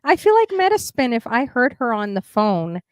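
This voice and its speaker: A woman's voice: a little high, big pitch swings, moderate pace, no echo. A woman from Canada hosting a casual chat, talking in a playful way and laughing often. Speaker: host.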